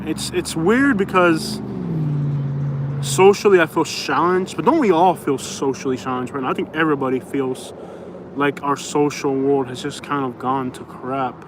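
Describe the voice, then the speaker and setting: Outdoors in a suburb, a man chats casually on a livestream, rambling along and reading viewer comments out loud. His voice is on the high side at a normal speed, with faint traffic noise in the background.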